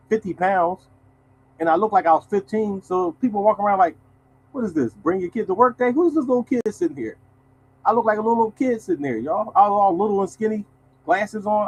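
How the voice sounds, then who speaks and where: A man in his sixties telling a personal story to viewers in a casual, colloquial way, animated and chatty. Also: high-pitched, slight background noise, low-quality recording. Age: 60s. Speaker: show host telling a story.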